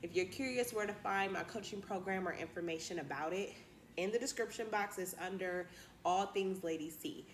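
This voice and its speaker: A woman's voice: fairly low pitch, moderate pace, a little hiss or hum. Chatty woman vlogger in a roomy room. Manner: chatty, encouraging, addresses viewers as y'all. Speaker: candle business YouTuber. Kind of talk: casual vlog talk to camera.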